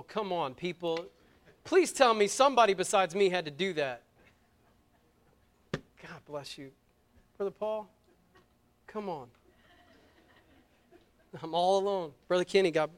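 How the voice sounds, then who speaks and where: Pastor, male, middle-aged, high and clear voice, preaches with big swings between hushed and fervent. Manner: swings from quiet and intimate to loud and fervent. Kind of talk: sermon. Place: church sanctuary.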